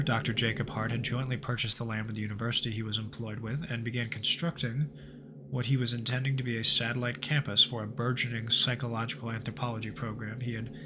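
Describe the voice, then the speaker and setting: With game music playing and noise in the background, a medium-pitched man reads aloud the narrative of the horror game he's streaming. His tone stays light and joking, peppered with swearing.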